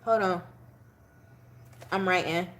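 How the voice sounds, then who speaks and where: A young woman giving a casual tarot reading, chatty and animated, laughing and talking straight to her viewers. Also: on the low side, slow. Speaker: tarot reader.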